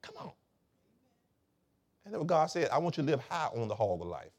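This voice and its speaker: A male pastor from Florida preaching a sermon, calling on the congregation to answer and swelling loud on key points. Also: medium pitch, big pitch swings, fast talker.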